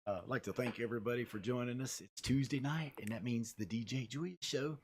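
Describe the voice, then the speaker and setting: A gruff-voiced middle-aged man hosting a laid-back radio chat from the studio. He talks in a loose, joking way, restarting sentences and stumbling over words as he goes. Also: mid-range voice, fast talker. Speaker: radio show host. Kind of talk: casual talk radio chat.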